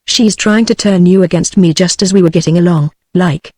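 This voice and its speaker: A cowering little burglar pleading from a corner, voiced by a British-accented synthetic woman. The reading stays flat and machine-even, with no change of voice, and sounds dry and close. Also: on the low side, brisk, dry recording, close to an everyday voice. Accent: British English.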